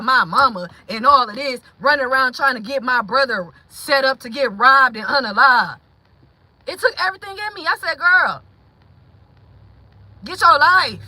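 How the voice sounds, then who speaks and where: A woman hosting a livestream, venting bluntly with swearing, shifting between heated outbursts and quiet moments and greeting viewers in the chat. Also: sits high, low-quality recording. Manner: blunt and profane, swings from heated to hushed. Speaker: livestream host.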